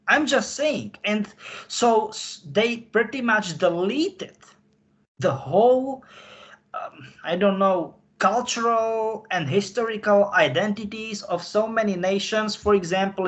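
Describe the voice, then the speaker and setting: A man speaking in casual conversation, halting and searching for his words. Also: high-pitched, lively intonation, a bit bright. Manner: halting, searching for words in non-native English. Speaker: podcast guest insider. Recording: dull lo-fi audio.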